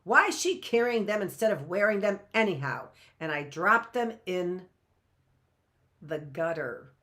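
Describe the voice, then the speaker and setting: A woman hosting a live reading, narrating a novel in an expressive, lively way. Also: lowish voice, a little slow. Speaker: host reading a book aloud.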